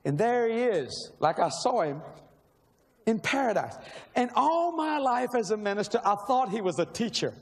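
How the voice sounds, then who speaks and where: High-voiced preacher shouting his testimony. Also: moderate pace. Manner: animated, bursts into shouting. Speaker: minister. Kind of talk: sermon storytelling. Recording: live hall reverb with faint crowd.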